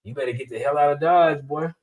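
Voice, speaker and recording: A man's voice: a little high, fast, a little mellow, close to an everyday voice, poor audio. A man voicing someone who mockingly warns a colleague that he will be blamed, in a teasing, taunting way. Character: man mockingly warning a colleague he's the fall guy.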